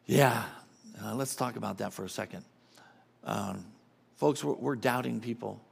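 A man's voice: mid-range voice, moderate pace, creaky, husky. A middle-aged man preaching a sermon as a guest speaker, emphatic and casual, often repeating his phrases.

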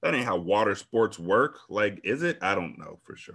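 A man's voice: lowish voice, lively intonation, moderate pace, gravelly, few pauses, fairly bright tone, husky. A man hosting a podcast, reading a novel aloud and commenting in a casual, profane, laid-back way.

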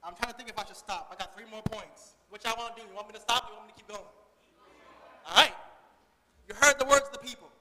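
Fast, excited young preacher man. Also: high-pitched, background noise. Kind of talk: sermon. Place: church sanctuary. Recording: echoey church hall.

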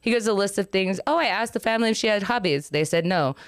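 A young woman hosts a casual podcast, rambling through a story and acting out the people in it. Her voice is smooth and resonant. The sound is dry and close, with no room echo. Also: mid-range voice, expressive, fast talker. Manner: rambling storyteller, acts out quotes. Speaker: podcast host. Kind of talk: casual chat.

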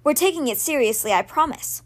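A woman's voice: high-pitched, lively intonation, a little fast. A woman reading the lines of an earnest young male leader from a storybook, in her own voice.

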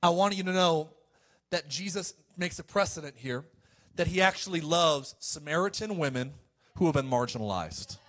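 A man preaching a sermon to a congregation, swinging between loud calls and quiet asides and asking for amens. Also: a little high, animated, moderate pace.

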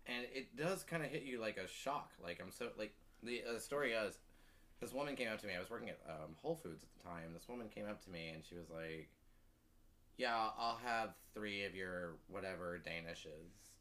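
Low-voiced man rambling casually. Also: quick pace, a bit bright. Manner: rambling, full of "like" and restarts. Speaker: podcast guest. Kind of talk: casual chat.

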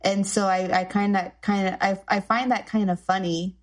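Quick-laughing woman co-host. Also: medium pitch, level tone. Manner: laughs often, quick interjections. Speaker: podcast co-host. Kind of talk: casual political chat.

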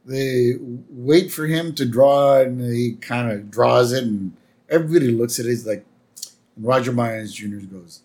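A man's voice: mid-range voice, normal speed, a little mellow. A man co-hosting a podcast, chatting casually as he recaps a cartoon episode and acts out the characters' lines. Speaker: podcast co-host.

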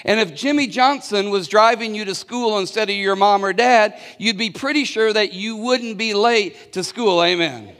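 Barely pausing, a pastor with a high, slightly bright voice delivers a sermon at normal speed, narrating a story and prompting the congregation to call back. Restarts and repeated words are frequent, and the church hall adds a long reverb.

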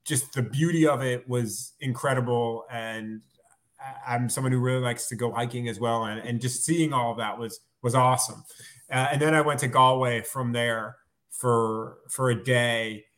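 A man's voice: medium pitch, fairly even intonation, moderate pace, fairly bright tone. American guy rambling on a podcast, chatty, laughs a lot. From United States. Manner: chatty, rambling, self-deprecating, laughs easily. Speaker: guest sports journalist. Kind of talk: casual podcast chat.

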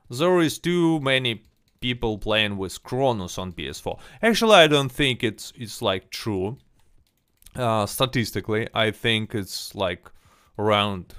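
A man with a fairly low voice hosts a game livestream in a relaxed, chatty way. He restarts sentences and repeats words as he goes. The sound is dry and close. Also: clear, resonant tone, dry recording. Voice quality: slightly hesitant, repeats words. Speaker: stream host. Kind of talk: casual livestream chat.

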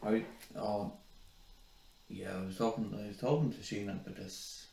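A man's voice: on the low side, steady tone, normal speed, creaky, mellow, reverberant, slight background noise. A man co-hosting a podcast in casual banter, swearing and hesitant, trailing off into mumbled asides. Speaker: podcast co-host.

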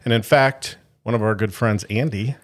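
A man's voice: fairly low pitch, moderate pace. A man co-hosting a podcast in casual chat, joking and rambling with frequent fillers. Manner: jokey, rambling with many "uh" fillers and laughs. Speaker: podcast co-host.

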